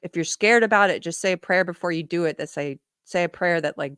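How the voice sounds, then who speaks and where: A woman host speaking in an earnest, conversational manner, often doubling back and restarting her sentences. Her voice sits a little low. The sound is close and dry, with no room echo. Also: a little fast, few pauses, a bit bright, smooth. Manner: earnest storytelling, lots of restarts. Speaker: podcast host. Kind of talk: casual live-stream monologue.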